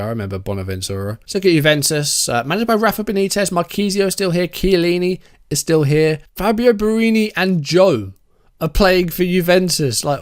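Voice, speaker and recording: A gaming YouTuber with a slightly high voice and a clean tone offers casual game commentary. He muses aloud while going over results, reacting with easy surprise.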